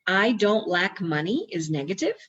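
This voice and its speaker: A woman's voice: medium pitch, very animated, normal speed, husky. A woman reading a spiritual teacher, emphatic. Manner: read aloud from a workbook, lightly emphatic. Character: spiritual teacher guiding a student. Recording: dull lo-fi recording.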